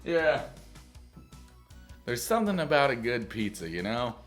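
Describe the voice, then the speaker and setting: A man's voice: mid-range voice, big pitch swings, measured pace, soft background music. Rambling, profane male movie reviewer. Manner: loose, profane, jokey, self-mocking.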